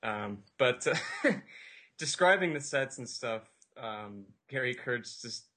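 A man's voice: mid-range voice, lively intonation, slow, sharp tone, slightly rough. A man chatting casually as a podcast co-host, laughing as he tells stories. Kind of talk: casual roundtable chat.

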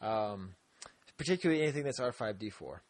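A man's voice: on the low side, lively intonation, brisk, dry recording. A man co-hosting a casual podcast chat. He rambles, laughs often and restarts his sentences. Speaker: podcast co-host.

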